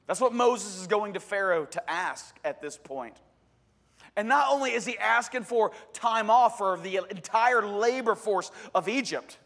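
High-voiced preacher in an echoing hall. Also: male voice, a little slow, vocal fry. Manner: animated, jokey asides, bursts of loud emphasis. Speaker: pastor. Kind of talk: sermon.

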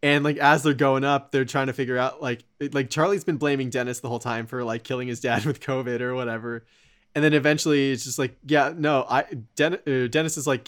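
A man's voice: mid-range voice, fairly even intonation, a little fast, fairly bright tone. A man in casual chat, animatedly retelling scenes and acting out quotes with laughs.

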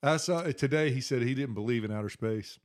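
A man, telling drawn-out anecdotes in a casual chat. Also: medium pitch.

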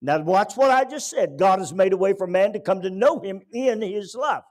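A male pastor preaching a sermon in a church, swinging between loud bursts and quiet asides. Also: sits high, expressive, moderate pace.

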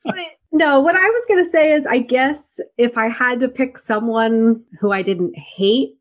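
A woman co-hosting a casual movie review podcast, animated and quick to laugh. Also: on the high side. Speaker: podcast co-host.

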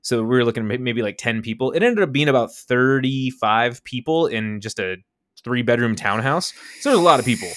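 A man's voice: brisk, no room sound, studio quality. A young man casually telling a story on a podcast, acting out the quotes with big jumps in his voice. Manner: animated, acts out quotes with big pitch jumps. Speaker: podcast co-host.

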